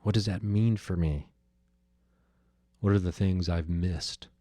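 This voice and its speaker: A low-voiced man talks through a personal story on his podcast, musing and circling back with fillers and restarts. His tone is mellow and dark. The sound is dry and close, with no room around it. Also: steady tone, slow, dry recording. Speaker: podcast host. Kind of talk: reflective solo monologue.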